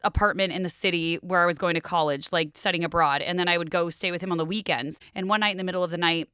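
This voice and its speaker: Woman, thirties, podcast co-host, animated casual storytelling, bright tone, dry sound. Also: fairly low pitch, fast talker, clear, resonant tone, no room sound. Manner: animated storytelling, acting out voices. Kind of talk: casual chat.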